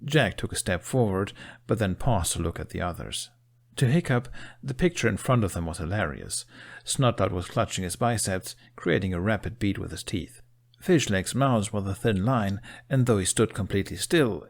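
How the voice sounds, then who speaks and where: A man narrating a fan fiction audiobook in an expressive storytelling manner. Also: sits low, moderate pace.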